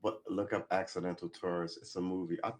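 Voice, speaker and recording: A man chatting on a live stream, rambling and thinking aloud, gruff and blunt, swearing freely as he talks to himself. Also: sits low, little pitch movement, quick pace. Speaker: livestreamer practicing guitar.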